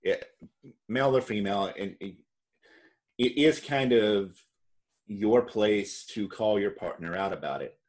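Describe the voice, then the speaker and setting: A man's voice: fairly low pitch, a little slow, pauses often, a little mellow. A man co-hosting a podcast, recapping a reality show in casual chat, rambling and correcting himself as he goes, laughing often. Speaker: podcast co-host.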